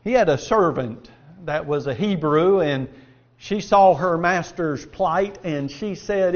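A man's voice: on the high side, slow pace, dull audio. A man preaching a sermon and reading scripture aloud, earnest and folksy, asking his listeners rhetorical questions.

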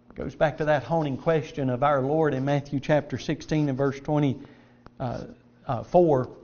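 A middle-aged man preaching an emphatic, earnest sermon, reading scripture aloud. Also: on the high side. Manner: earnest, emphatic preaching with varied loudness and pace. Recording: dull lo-fi sound.

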